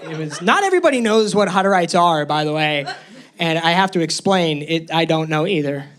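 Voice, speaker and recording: A young man performing stand-up comedy on a club stage, nervous and self-deprecating, jumping into squeaky tones for punchlines. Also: expressive, brisk, fairly bright tone. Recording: live crowd laughing. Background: audience laughter.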